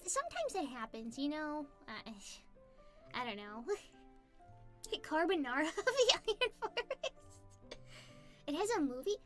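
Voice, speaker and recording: Bubbly, high-voiced woman streamer. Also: wildly swooping pitch, slow pace, pauses often, fairly bright tone. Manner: bubbly and giggly, chatty with fillers. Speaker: streamer chatting with viewers. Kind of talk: casual livestream chat, reading chat. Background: faint background music.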